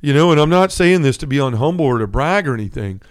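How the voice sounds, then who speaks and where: A man's voice: a little high, lively intonation, quick pace. A middle-aged man hosting a faith podcast, sharing his personal testimony in an earnest, conversational way, often checking in with "right?". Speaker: podcast host.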